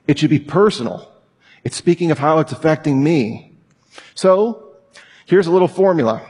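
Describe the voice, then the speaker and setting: A man with a slightly husky, fairly high voice teaches a Bible class with animated energy. He acts out example lines as he goes. His voice carries a long hall reverb. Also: normal speed. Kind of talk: sermon-style teaching talk.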